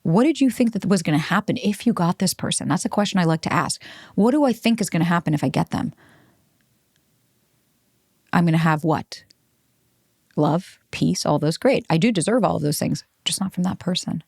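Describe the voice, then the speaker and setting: A woman's voice: on the low side, moderate pace, creaky, long pauses, darkish tone, breathy edge, dry recording, clean studio sound. A woman hosting a self-help podcast, talking bluntly with plenty of swearing and acting out the voices of the people she quotes. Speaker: podcast host.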